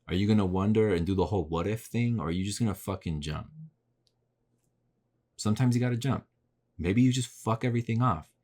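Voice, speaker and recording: A man's voice: deep voice, darkish tone. A man talking straight to camera in a casual, rambling motivational monologue, full of swearing and repeated rhetorical questions. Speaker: vlogger. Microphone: camera mic.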